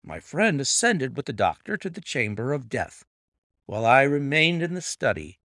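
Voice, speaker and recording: A man narrates a classic short story with expressive, dramatic reading. His voice has a gravelly texture and moves widely in pitch. The recording is dry and close. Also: normal speed, no echo. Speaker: audiobook reader. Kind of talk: scripted narration.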